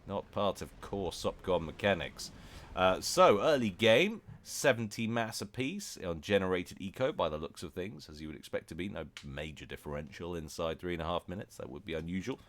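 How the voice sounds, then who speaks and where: A man's voice: low voice, expressive, moderate pace, fairly bright tone. A man giving jokey, chatty commentary on a strategy game replay, with self-mocking asides. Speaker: game caster.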